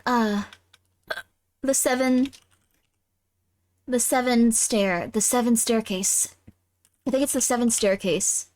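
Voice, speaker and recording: A woman's voice: high-pitched, no echo. A young woman livestreaming a game, chatting and giggling with her viewers. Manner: giggly, chatty, talks to chat. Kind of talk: casual live gameplay chat.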